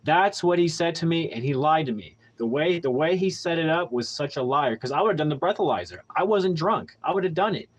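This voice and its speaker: A man's voice: a little high, lively intonation, brisk, hardly any pauses, low-quality recording. Man telling a story, candid and rambling. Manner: candid storytelling with heavy profanity; rambling with frequent restarts and fillers. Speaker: podcast host. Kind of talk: casual monologue.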